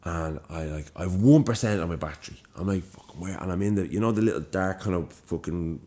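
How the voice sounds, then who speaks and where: Deep-voiced young Dublin man, storytelling. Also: fairly quick. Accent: Dublin Irish. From Ireland. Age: young adult. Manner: animated storyteller, swears freely, acts out quoted lines. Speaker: podcast co-host. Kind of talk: casual storytelling chat.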